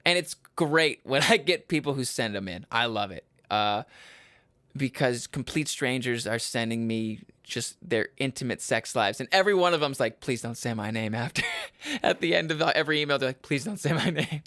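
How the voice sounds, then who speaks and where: A young man from Michigan's Upper Peninsula hosting his own podcast, rambling and cutting himself off, laughing at his own jokes and breaking into loud yells. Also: medium pitch, normal speed, no echo. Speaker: podcast host. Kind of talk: casual solo podcast chat.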